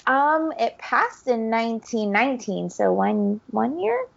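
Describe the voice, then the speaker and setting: A woman's voice: on the high side, very animated, a little slow, creaky. A woman answering quiz questions on a podcast in a laughing, tentative way, on a dull online call recording. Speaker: podcast guest, contestant. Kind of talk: casual podcast chat.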